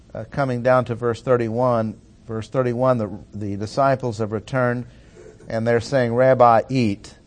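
A man's voice: medium pitch, darkish tone. A man teaching through a Bible passage verse by verse, stressing key words with plain-spoken asides. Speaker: preacher.

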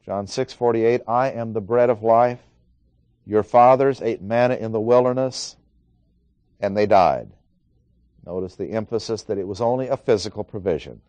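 A man's voice: lowish voice, normal speed, a little mellow, dry recording, dull audio. A man preaching an expository Bible lesson, working through numbered points and reading scripture aloud.

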